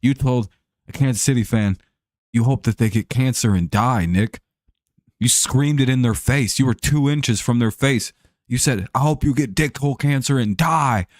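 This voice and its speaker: A man's voice: medium pitch, moderate pace, darkish tone, dry recording, clean studio sound, lightly acted. A guy doing an exasperated team boss firing his coach. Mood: scolding. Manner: scolding, pleading, profane.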